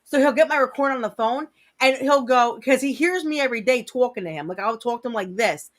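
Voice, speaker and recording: A woman's voice: fairly high pitch, quick pace. A woman co-hosting a casual livestream chat, talking in a blunt, brash way and swearing freely. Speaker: co-host.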